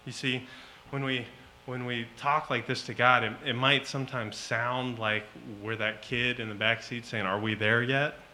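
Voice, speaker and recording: A man preaching a sermon, slow and emphatic, rising to loud pleading at times. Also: medium pitch, level tone, a little hiss or hum, low-quality recording.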